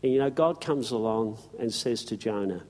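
A man's voice: medium pitch, expressive, normal speed, darkish tone. A man preaching a sermon, telling the story in a folksy, emphatic way with slang and asides.

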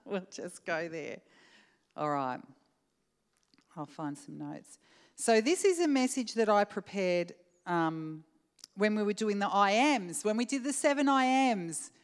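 A woman's voice: medium pitch, expressive, slow pace, clear, resonant tone, big-room sound. A woman preacher giving an earnest, conversational sermon and prayer to her church, speaking directly to the congregation. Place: church hall.

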